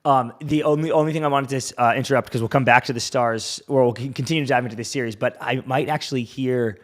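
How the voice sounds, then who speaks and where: A man chats casually on a live sports podcast in a relaxed, easygoing way. His voice sits in the middle of the male range. He sounds conversational and unhurried. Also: medium pitch. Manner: easygoing, casual, drops in quick agreements. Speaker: podcast co-host.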